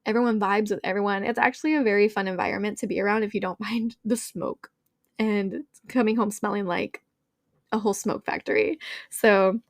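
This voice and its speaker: A woman's voice: medium pitch, fairly even intonation, a little fast, no room sound, clean studio sound. Young woman podcast host, bubbly casual storyteller, mid-range voice, chatty delivery. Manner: bubbly, chatty, leans on filler "like", addresses listeners as y'all.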